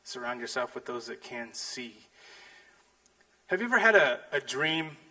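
A middle-aged man, a pastor, preaching a sermon and telling a family story with animated acted-out lines. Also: medium pitch, measured pace, rough recording. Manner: animated storytelling, acting out his daughters' lines.

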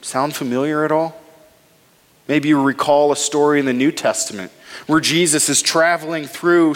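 A male pastor delivering a sermon, retelling a scripture story and reading verses aloud with dramatic pauses. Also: a little high, a bit bright, big-room sound.

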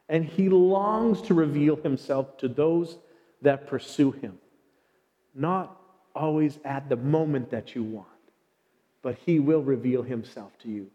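A man's voice: fairly high pitch, dark tone, big-room sound. A middle-aged man preaching a heartfelt sermon as a pastor.

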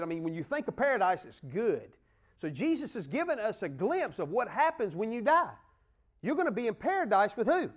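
A man delivers a sermon in a strikingly high voice that swings wildly up and down. He is exuberant, throwing questions out to the congregation and shouting praises. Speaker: preacher.

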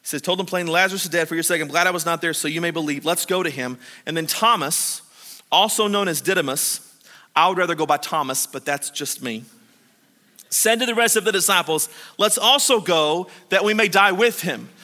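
A man preaching a sermon. He reads scripture and acts out the disciples and Martha in animated paraphrase. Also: a little high, fairly quick. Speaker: pastor. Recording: long hall reverb.

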